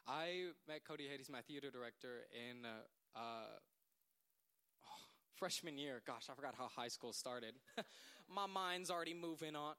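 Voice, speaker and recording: Teen guy, crisp bright voice, rambling heartfelt thank-you speech. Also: mid-range voice, measured pace. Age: late teens. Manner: earnest, rambling, laughing at himself. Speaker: young man giving a thank-you speech.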